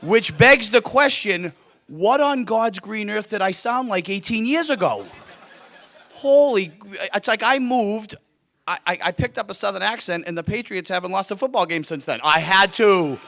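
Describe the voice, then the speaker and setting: A man's voice: sits high, animated, moderate pace, sharp tone. Joking Boston man at a luncheon. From Cape Cod, Massachusetts. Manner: joking and self-deprecating with the audience. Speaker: guest speaker. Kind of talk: luncheon keynote talk. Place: luncheon hall with audience.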